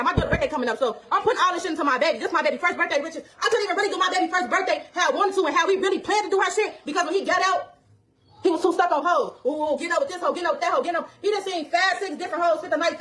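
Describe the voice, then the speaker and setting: A woman's voice: very high voice, a bit bright. A woman ranting heatedly on a livestream, angry and profane, often laughing as she talks. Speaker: mother speaking on a livestream.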